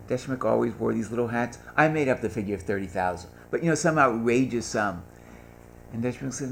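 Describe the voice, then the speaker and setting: Gravelly older man telling anecdotes. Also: medium pitch, a little fast, slight background noise. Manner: animated anecdotes, acts out quoted voices. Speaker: speaker at a gathering. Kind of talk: storytelling talk.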